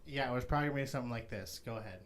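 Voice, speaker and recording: A young man co-hosts a podcast in a casual, mid-pitched voice. He tosses off quick, joking asides. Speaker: podcast co-host. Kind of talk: casual chat.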